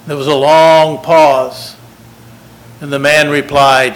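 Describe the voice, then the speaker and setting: An older man preaching a sermon, folksy and self-deprecating, unhurried. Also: fairly high pitch, flat delivery, poor audio.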